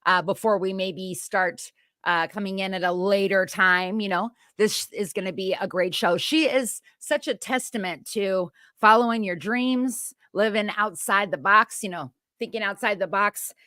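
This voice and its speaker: A woman's voice: medium pitch, unhurried, sharp tone, no echo, clean studio sound. A woman co-hosting a show, chatting in a bubbly way and rambling through her questions. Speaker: co-host. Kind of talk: casual interview chat.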